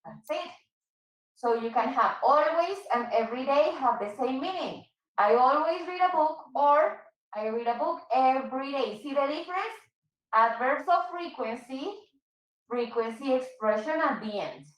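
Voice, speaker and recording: Patient high-voiced woman teaching English. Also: expressive, far from the mic. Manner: patient, repeats and explains slowly, switches into Spanish. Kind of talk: online English class for Spanish speakers. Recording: echoey room.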